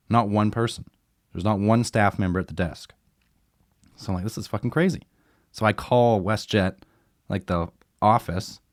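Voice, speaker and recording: A man's voice: lowish voice, no echo, studio quality. A man co-hosting a podcast, telling his part of a story in a laid-back, profane way. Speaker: podcast co-host. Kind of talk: casual storytelling chat.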